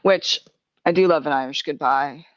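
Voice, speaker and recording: A woman with a low-pitched voice hosts a podcast at normal speed, chatting casually, laughing often, and swearing freely. The recording is dry, with a dull lo-fi sound.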